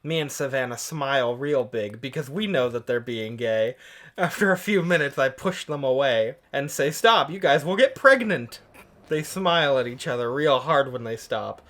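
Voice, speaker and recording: A podcast co-host reads fan fiction with a dry, deadpan delivery. The voice sits at a middle pitch. Sarcastic asides cut in between the lines of the story. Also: moderate pace.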